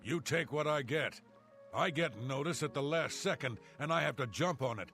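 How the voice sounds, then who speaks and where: Gruff smuggler, gravelly and sharp-edged, bossy game character. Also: male voice, a little high, expressive, moderate pace, faint music behind. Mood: curt, menacing. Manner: curt, bossy. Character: gruff male smuggler, impatient and threatening.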